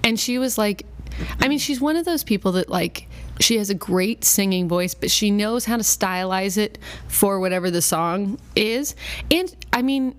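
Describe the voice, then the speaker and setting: A woman's voice: mid-range voice, expressive, moderate pace. Chatty woman podcast co-host. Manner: chatty and opinionated, many filler "like"s. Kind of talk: casual movie review chat.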